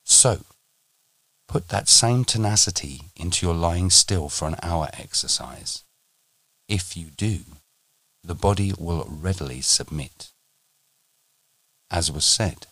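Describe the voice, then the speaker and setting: A man teaching on a podcast, speaking in a measured, deliberate way and slowing down for emphasis. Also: low-pitched, animated, a bit bright, dry recording. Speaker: meditation teacher.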